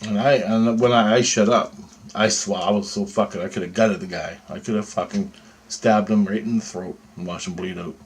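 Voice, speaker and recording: A vlogger rambles through a dream he had, his voice fairly low with a fairly even intonation at a moderate pace. He's agitated and profane, swearing often and checking in with "right?" in a conversational way.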